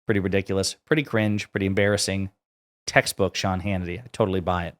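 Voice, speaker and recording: A man's voice: deep voice, fairly even intonation, fast talker, a bit bright. A man hosting online political commentary, reading quotes aloud and adding blunt sarcastic asides.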